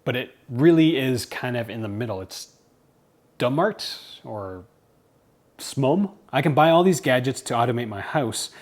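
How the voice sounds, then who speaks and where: A man's voice: mid-range voice, a little slow. A man speaking English as his first language, chatting casually and animatedly as he reviews smart home platforms. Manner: chatty, animated, self-deprecating humor. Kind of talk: casual tech review to camera.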